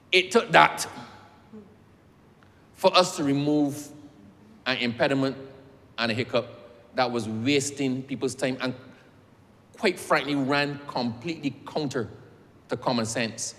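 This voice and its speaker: A man's voice: mid-range voice, a little slow, long pauses, fairly bright tone. A man with a Barbadian accent, a member of parliament telling a story in a parliamentary speech and addressing the chair as sir. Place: large legislative chamber. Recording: long echo of a large chamber.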